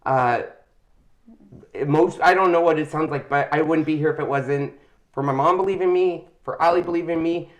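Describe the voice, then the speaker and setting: A man's voice: on the high side, moderate pace. A middle-aged man hosting a craft channel, telling his story in a casual, heartfelt and emotional way. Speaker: channel host. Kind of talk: casual chat.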